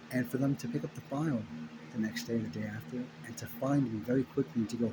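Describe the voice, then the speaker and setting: A man's voice: medium pitch, fast talker. A man telling his own story in an impassioned monologue, swearing often and repeating phrases for emphasis. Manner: profane, emphatic, indignant, repeats phrases for stress. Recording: steady background noise.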